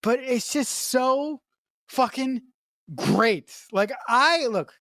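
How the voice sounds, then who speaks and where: A woman's voice: high-pitched, drawn-out words, fairly bright tone, dry recording, clean studio sound. A woman co-hosting a movie podcast, talking about a comedy film in an enthusiastic, emphatic casual way. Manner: enthusiastic, emphatic, restarts phrases. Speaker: podcast co-host.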